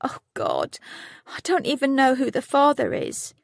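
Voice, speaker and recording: A woman's voice: high voice, huge pitch swings, unhurried, gravelly, dry recording, clean studio sound, voice pushed up, heavily acted. A woman voicing a frightened, tearful teenage girl in an audiobook, her lines raised and pleading. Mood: tearful, fearful.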